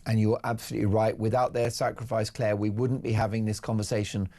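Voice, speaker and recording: A man's voice: on the low side, flat delivery, fast, dark tone. A man hosting a breakfast talk show and taking calls, speaking in an emphatic, rhetorical way. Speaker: radio and TV talk show host.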